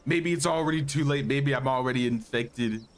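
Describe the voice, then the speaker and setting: A man with a medium-pitched voice at normal speed chats through his live game stream, thinking aloud and saying hello to viewers. Soft music plays behind him, and his voice is a bit worn, as if he's slightly losing it.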